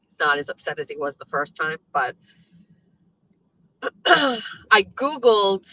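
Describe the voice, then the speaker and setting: A middle-aged woman telling a personal family story as a show host, halting and emotional, often clearing her throat. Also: fairly low pitch, sing-song, sharp tone, low-quality recording.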